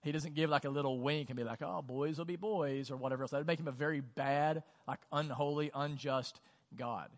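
In a church auditorium filled with long hall reverb, a male pastor preaches briskly with a steady, mid-range voice. His sermon has a conversational feel, peppered with "like" and frequent questions aimed at the congregation.

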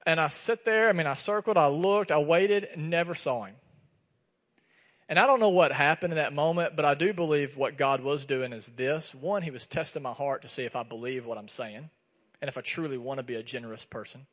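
A pastor speaks a little fast in a fairly high voice, animatedly sharing a personal story within his sermon and acting out what was said. Recorded in a church sanctuary, the audio has a long hall reverb.

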